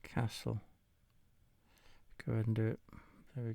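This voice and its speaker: A man's voice: mid-range voice, moderate pace, vocal fry, warm tone, dry recording. A tired man, casually commenting while he plays a game of chess, muttering and swearing now and then. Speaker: gamer playing chess against the computer.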